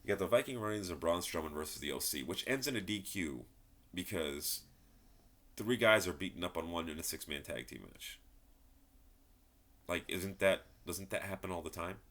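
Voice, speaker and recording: A man's voice: low-pitched, lively intonation, normal speed, fairly bright tone. A man giving a frustrated, rambling wrestling review, swearing and repeating himself. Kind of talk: ranting solo commentary.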